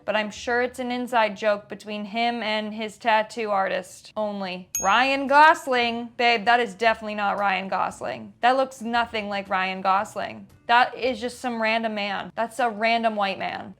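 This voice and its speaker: A woman's voice: fairly high pitch, fairly bright tone. A woman hosting a comedic reaction video, chatty and sarcastic with playful asides. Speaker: host.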